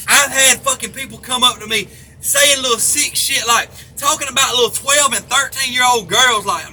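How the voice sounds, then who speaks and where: A middle-aged male vlogger rants angrily at the camera, heated, profane and repetitive. His voice is very high-pitched, brisk, bright and forceful, with faint background noise in the recording.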